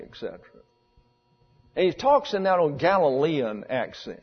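A male pastor preaches in a husky voice, blunt and wry, tossing rhetorical questions at his congregation. The sound is dull and muffled, with a long church echo trailing behind him. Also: mid-range voice, big pitch swings, unhurried. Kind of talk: sermon. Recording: dull echoey church recording.

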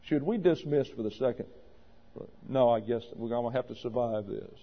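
A man's voice: medium pitch, normal speed. A man preaching a sermon to a congregation, emphatic and wry, with sarcastic asides. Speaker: pastor. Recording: dull audio with long reverb.

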